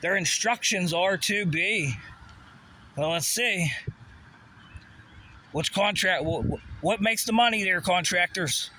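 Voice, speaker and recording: A man's voice: sits high, takes it slowly, pauses often, pushed and bright, slight background noise. A man delivering a rambling, profane, conspiratorial monologue, often asking rhetorical questions. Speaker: vlogger.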